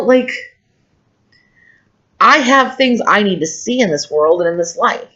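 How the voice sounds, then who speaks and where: A woman's voice: medium pitch, fairly bright tone. Woman in her 40s oversharing on her vlog, emotional and rambly, kinda muffled lo-fi audio. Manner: candid, emotional, rambling with restarts. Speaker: vlogger. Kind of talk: personal confessional vlog. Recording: dull lo-fi home recording.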